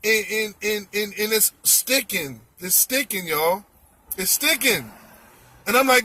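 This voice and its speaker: A man telling a comic story in an animated, exclaiming way, repeating his words. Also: sits high, unhurried.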